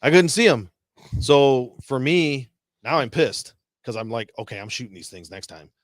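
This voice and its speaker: With a mid-range voice at a moderate pace, a Detroit veteran tells war stories as a guest, swearing freely, laughing, and quoting others with gusto. The recording is dry and studio quality.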